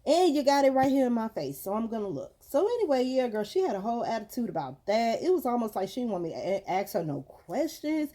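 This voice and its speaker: A woman's voice: high voice, brisk, few pauses. A woman ranting to her viewers in a casual vlog, telling a story animatedly, acting out what she said and calling the audience girl and y'all. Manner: animated storytelling, acts out quotes. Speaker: mom vlogger.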